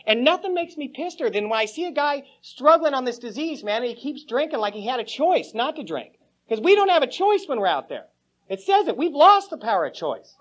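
A man with a very high-pitched, sing-song, fairly bright voice speaks briskly as he shares his recovery story at an AA meeting. Before a live audience in a meeting room, he jokes in slang, addressing people as "man" and "bro"; the recording is a lo-fi old cassette.

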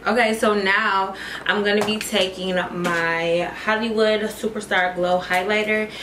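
A young woman vlogger speaks a little slowly in a mid-range, steady voice that is bright and forceful. Chatting casually through her makeup routine, she calls viewers "y'all" and "girl." The room is echoey with faint noise.

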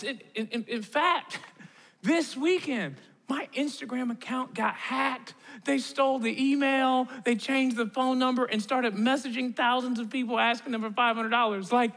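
A man in his thirties preaching a sermon to a church audience, animated and conversational, acting out the voices he quotes. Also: very high voice, moderate pace. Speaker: pastor. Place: large church auditorium. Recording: long reverb of a large hall.

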